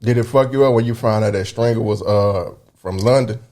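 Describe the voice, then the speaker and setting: A man co-hosting a podcast, joking and quick to laugh in slangy casual talk. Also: on the low side, dark tone, a little hiss or hum. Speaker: podcast co-host. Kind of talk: casual chat.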